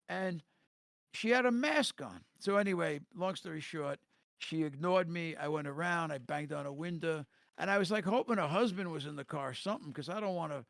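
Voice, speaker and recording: A man on a voice chat telling rambling, profane stories in a casual, animated way. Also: on the high side, creaky, no echo, clean studio sound. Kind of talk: casual storytelling. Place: home, voice chat.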